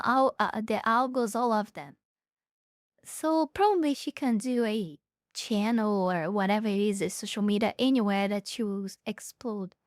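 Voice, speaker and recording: A woman streamer giving casual live commentary on clips, with sarcastic, mocking asides and halting restarts. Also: mid-range voice, no echo, clean studio sound.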